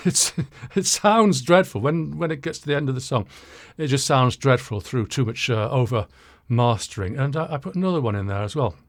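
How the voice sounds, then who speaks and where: A man's voice: a little high, dry recording, clean studio sound. An older man, hosting a channel and reading out viewer comments with wry, chuckling humor. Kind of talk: casual talking-head commentary. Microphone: shotgun mic.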